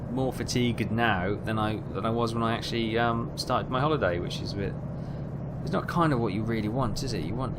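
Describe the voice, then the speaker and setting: Male let's-play host, rambling and easily exasperated, over loud game engine noise. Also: on the low side. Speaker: gaming channel host. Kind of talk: casual let's-play commentary. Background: truck simulator engine and road sounds.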